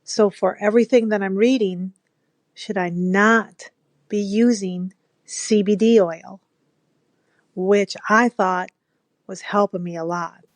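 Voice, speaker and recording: Female listener caller, mid-pitched voice, dry sound, matter-of-fact. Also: steady tone, slow, pauses often, dry recording. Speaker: caller asking a question. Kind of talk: recorded listener question.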